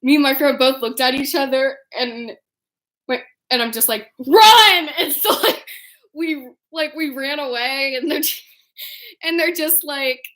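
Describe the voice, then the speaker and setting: High, bright-voiced young woman telling stories. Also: unhurried. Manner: animated, giggly, acts out quotes. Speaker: vlogger. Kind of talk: casual storytelling.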